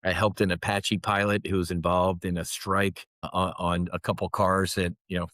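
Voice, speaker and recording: This earnest, intense interview features a deep-voiced American man in his fifties who once flew fighter jets. He talks at a moderate pace in a level, fairly bright tone with no echo, frequently restarting and then pressing words out emphatically.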